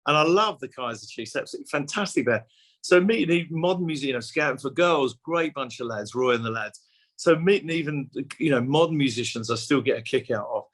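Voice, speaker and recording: A man, a musician guest chatting warmly and effusively in an interview, with many restarts. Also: medium pitch, lively intonation, fast. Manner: effusive, repeats words and restarts, laughs often. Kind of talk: casual interview chat.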